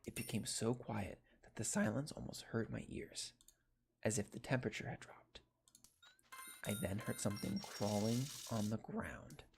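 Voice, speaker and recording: A man reading horror-game dialogue and narration aloud in a steady storytelling voice. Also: fairly low pitch, moderate pace, creaky, a little hiss or hum.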